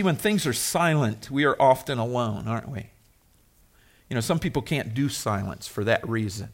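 A man preaching a sermon as a pastor, conversational, rising to emphatic stretches and dropping soft. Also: a little high.

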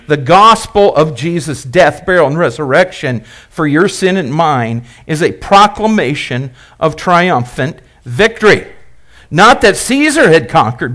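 A male pastor preaching a sermon, emphatic and repetitive, asking the congregation questions and building phrases up, then dropping them low. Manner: repeats and builds phrases, rising and dropping loudness.

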